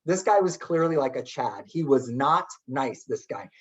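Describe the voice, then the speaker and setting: A middle-aged man telling a story in a webinar talk as keynote speaker, chatty and animated with many filler words. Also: mid-range voice, normal speed. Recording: dull lo-fi webinar audio.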